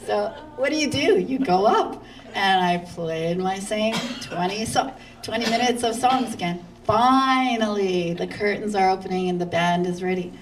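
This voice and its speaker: A woman guest speaker from Canada telling a lively story at a church, acting out other people's lines and laughing often. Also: mid-range voice, moderate pace, recorded from a distance, a little hiss or hum, poor audio.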